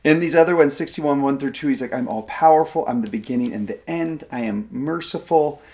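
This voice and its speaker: A man in his forties co-hosting a scripture podcast, talking casually and getting animated as he paraphrases verses. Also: a little fast. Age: 40s. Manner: animated, jumps up in pitch when voicing God's kindness. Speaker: co-host of a scripture study podcast.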